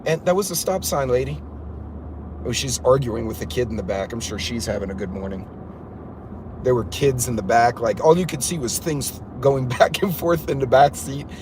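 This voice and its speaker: Middle-aged guy livestreaming from his car, animated and disbelieving, mid voice, bit of faint road noise. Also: mid-range voice, moderate pace. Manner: incredulous, animated storytelling. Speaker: livestream host. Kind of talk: casual livestream rant.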